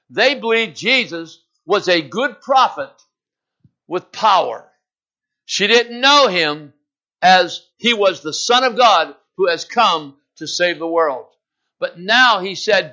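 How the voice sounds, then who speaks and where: A middle-aged man preaching a sermon, retelling a story with emphasis and acting out its quotes, then telling a personal story in a quieter, conversational way. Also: sits high. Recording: dull lo-fi filmed sermon.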